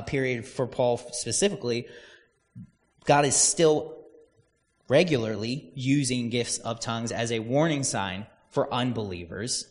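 A man's voice: medium pitch, big-room sound. A man preaching a casual, conversational sermon, telling stories and acting out quoted voices.

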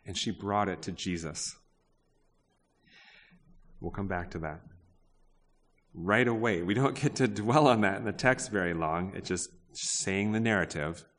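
A man's voice: low-pitched, measured pace, long pauses, fairly bright tone. A man preaching a sermon in a conversational way, asking his listeners questions and often restarting his sentences. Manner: conversational, asks the congregation questions, frequent restarts. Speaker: pastor. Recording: long reverb of a large hall.

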